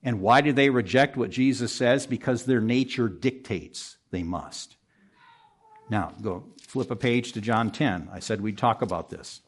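Man, preacher, sermon, earnest, pressing, middle pitch, quick rises for emphasis, quiet low verse endings. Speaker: pastor. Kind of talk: expository sermon. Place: room with a congregation.

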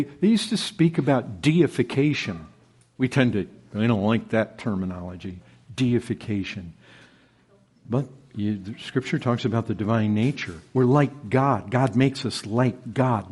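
A man preaches with a husky, slightly breathy voice, his delivery rising into loud, emphatic peaks before sinking into low, hushed lines. He talks directly to his congregation and keeps calling out "brethren.". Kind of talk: expository sermon.

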